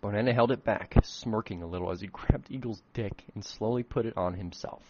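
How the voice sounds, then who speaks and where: A man with a lowish voice reads his own old fan fiction aloud at a brisk pace as a comedic dramatic reading, breaking off for self-mocking, swearing asides. The audio is dull and the background is noisy.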